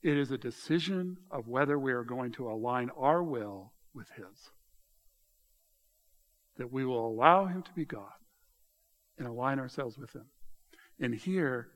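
A man preaching a sermon in a conversational, animated way, swinging from loud to quiet. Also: medium pitch, unhurried, pauses often. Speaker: pastor.

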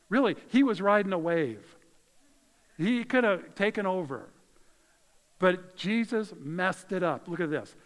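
Animated male pastor preaching in a hall. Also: sits high. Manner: animated, conversational preaching with dramatic shifts in volume. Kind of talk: sermon.

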